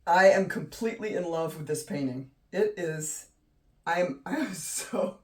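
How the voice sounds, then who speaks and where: A woman hosting a casual painting tutorial, gushing and excitable, often trailing off mid-sentence. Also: fairly low pitch, unhurried. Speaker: art channel host. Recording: voice a bit distant from the mic.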